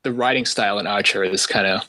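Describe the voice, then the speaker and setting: Australian male guest, bright tense tone, rambling casual chat. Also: on the low side, quick pace, low-quality recording. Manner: rambling, many fillers. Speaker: guest animator.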